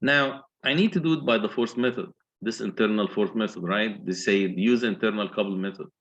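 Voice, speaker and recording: Gravelly-voiced lecturer walking through calculations. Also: male voice, fairly low pitch, fairly quick, a bit bright, dull audio. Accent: Egyptian. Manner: explains step by step, asks checking questions. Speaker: engineering lecturer. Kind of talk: university lecture.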